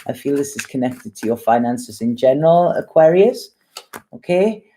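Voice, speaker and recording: A woman tarot reader with a deep voice who talks in a chatty, rambling way and swears bluntly while giving readings. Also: animated, normal speed, warm tone.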